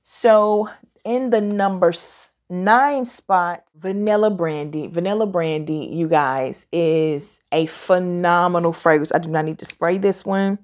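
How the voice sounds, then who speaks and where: A tired, chatty woman in her forties who talks fast and gives opinionated reviews in a casual vlog. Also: fairly low pitch. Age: 40s. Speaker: fragrance reviewer.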